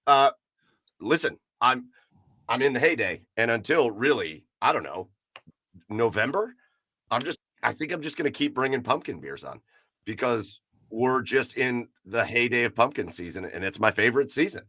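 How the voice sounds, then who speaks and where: A man's voice: mid-range voice, very animated, normal speed, bright, forceful tone, no echo, studio quality. A man hosting a casual podcast, talking loosely with many fillers and easy laughs. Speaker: podcast host. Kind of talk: casual chat.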